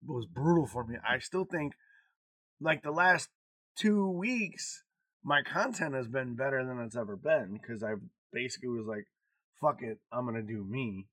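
A man in his forties chats as a podcast co-host, speaking openly and confessionally and swearing without a second thought. His voice sits at a middle pitch. The recording is dry and close, with no room sound. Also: lively intonation, normal speed, a bit bright, no echo. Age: 40s. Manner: frank and confessional, swears freely. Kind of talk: casual podcast chat.

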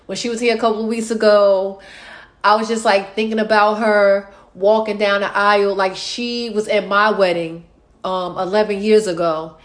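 A woman's voice: medium pitch, fairly even intonation, normal speed. A woman in her late thirties chatting casually to her followers, emotional and sighing often between thoughts. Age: 30s. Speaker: vlogger.

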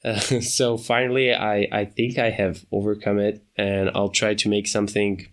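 A man hosting his own podcast, talking off the cuff in a hesitant way, with many pauses and restarts. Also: fairly low pitch, level tone. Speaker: podcast host. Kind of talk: unscripted solo podcast talk.

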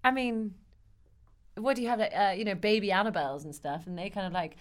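A woman's voice: medium pitch, a little fast. A British woman co-hosting a casual chat, rambling with many fillers. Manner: rambling, lots of fillers, animated. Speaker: co-host.

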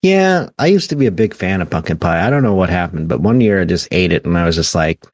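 Low-voiced young man in casual chat. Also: lively intonation, fast, few pauses, no room sound, studio quality. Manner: laughs often, rambling with restarts. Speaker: podcast co-host.

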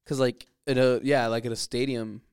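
A man's voice: medium pitch, flat delivery, moderate pace, darkish tone, clean tone, dry recording, clean studio sound. A young man co-hosting a podcast in casual chat, swearing and arguing while he laughs with his friend. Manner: swears a lot, laughs, argues. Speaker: podcast co-host.

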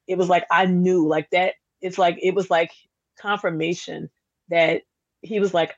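A woman's voice: fairly low pitch, a little slow, dry recording. Chatty woman telling a story, dull dry recording. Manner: animated, chatty storyteller with many fillers. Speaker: candle business owner, podcast guest. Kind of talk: casual podcast interview storytelling.

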